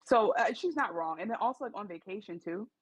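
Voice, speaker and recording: A woman's voice: mid-range voice, animated, brisk, slightly rough, rough recording. A woman co-hosting a podcast, thinking aloud in a casual, reflective way about a TV episode. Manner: reflective, hedging with fillers. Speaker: podcast co-host. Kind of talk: casual recap chat.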